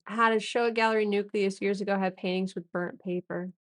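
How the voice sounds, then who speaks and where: A chatty woman artist chats with her stream audience between drawing strokes, loose and jokey as she reads viewers' names. Her voice sits at an ordinary middle pitch. The sound is close and dry. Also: steady tone, fairly quick, no room sound. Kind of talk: casual live-stream chat while drawing.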